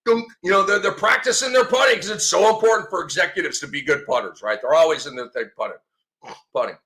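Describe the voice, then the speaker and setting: A man in his fifties hosting a sports show, talking in a sarcastic, excitable way and breaking into mock shouts. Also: a little high, fast. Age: 50s. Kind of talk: animated sports commentary.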